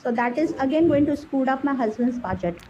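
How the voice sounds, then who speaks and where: A woman with an Indian English accent talks in a casual English-practice conversation. Her voice sits high, and she talks quickly with many "like, you know" fillers. A faint hiss of noise sits under the recording. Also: expressive, darkish tone, dull audio. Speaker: conversation partner.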